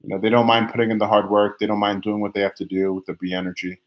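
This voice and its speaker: A man's voice: fairly low pitch, level tone. Chatty male tarot reader on a live stream. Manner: chatty, reads viewer comments aloud and teases back; many restarts and drawn-out phrases, sometimes sings a line.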